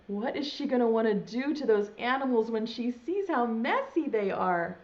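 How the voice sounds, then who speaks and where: A woman's voice: on the high side, expressive, normal speed. A woman teaching preschool online, reading a storybook aloud in a sing-song voice and talking straight to young children. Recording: dull lo-fi sound.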